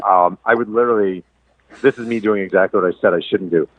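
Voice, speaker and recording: A man's voice: fairly low pitch, fast, dry recording. A middle-aged man, a sports writer and guest, telling candid, self-deprecating stories in a casual interview. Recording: tinny phone line.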